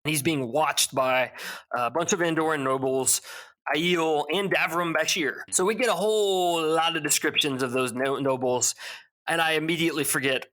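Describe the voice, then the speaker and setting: A young man with a bright, clear tone co-hosts a casual book podcast. He talks through the plot in a loose, joking way and often laughs at his own asides. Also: fairly high pitch, normal speed. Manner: recaps plot with laughs and mock character voices. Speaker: podcast co-host.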